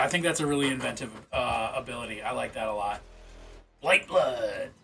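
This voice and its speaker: A man livestreams in a casual, offhand way, reading game rules out loud and breaking off to react with loose, sometimes profane asides. His voice sits a little high and sounds bright and forceful. Faint music plays behind him. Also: gravelly. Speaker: streamer.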